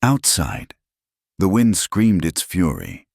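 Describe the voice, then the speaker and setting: A man narrating a scripted story in a slow, measured, hushed way. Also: deep voice, huge pitch swings, gravelly, dry recording, clean studio sound.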